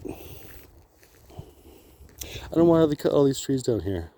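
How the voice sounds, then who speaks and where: A man's voice: mid-range voice, big pitch swings, unhurried, warm tone, slight background noise. A man talking in a rambling, profane monologue while walking outdoors on a wooded path, filming himself with a handheld camera. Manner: rambling, profane, laughs often. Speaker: vlogger.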